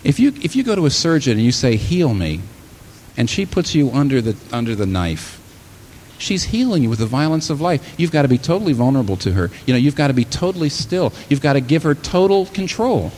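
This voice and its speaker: A man preaching a sermon in a church hall, animated and often taking on the voices of the people he quotes. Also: medium pitch, fairly quick, a little hiss or hum. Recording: long hall reverb, faint room ambience.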